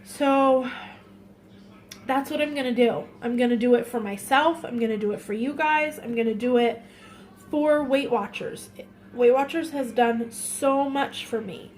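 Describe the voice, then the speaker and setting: A woman vlogger speaking in an emotional, halting way, tearful and often repeating herself in a confessional vlog. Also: fairly high pitch, darkish tone.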